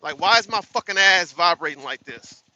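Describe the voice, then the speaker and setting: Bright, high-voiced cursing trucker man. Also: animated, moderate pace, muffled recording, slight background noise. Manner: profane, exasperated ranting. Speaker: truck driver livestreamer. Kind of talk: casual live stream talk while driving. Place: truck cab on a bumpy road. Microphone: phone.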